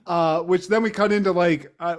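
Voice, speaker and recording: A man co-hosting a podcast, retelling a comedy sketch in casual chat with animated, profane storytelling. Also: high voice, normal speed. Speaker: podcast co-host.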